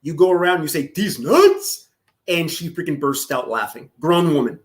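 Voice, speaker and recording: A man's voice: a little high, a little fast. A man streaming casual reaction commentary, profane and mocking, often breaking into laughter.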